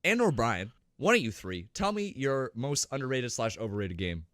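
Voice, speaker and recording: Animated man on a gaming podcast. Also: medium pitch, normal speed, no room sound, clean studio sound. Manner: animated, laughing, slips into mock voices. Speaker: podcast co-host. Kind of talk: casual gaming podcast banter.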